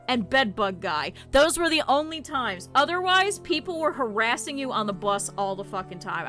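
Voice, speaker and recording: A woman streamer telling stories in casual, animated, profane talk, laughing often. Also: high-pitched. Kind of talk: casual livestream storytelling.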